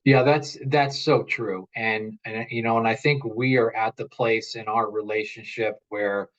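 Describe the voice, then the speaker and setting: A man in his forties, a parent and interview guest, telling stories in an earnest, animated way and often repeating his words. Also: fairly low pitch, measured pace, lo-fi sound. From United States. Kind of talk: casual interview chat.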